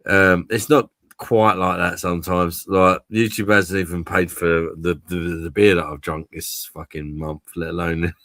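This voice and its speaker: A man's voice: sits low, steady tone, normal speed, hardly any pauses, fairly bright tone, no room sound. A man hosting a casual live stream, chatting to viewers and swearing freely.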